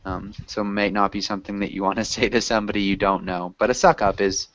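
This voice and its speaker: A man's voice: fairly low pitch, flat delivery, fast talker, fairly bright tone. A man teaching an English class, explaining patiently and casually with lots of ums. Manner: patient, loose and chatty, with many ums. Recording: dull lo-fi audio.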